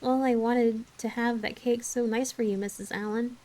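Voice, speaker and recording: A woman voicing an excitable, dramatic young orphan girl who pleads breathlessly in a raised voice. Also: on the high side, normal speed, close to an everyday voice. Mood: forlorn.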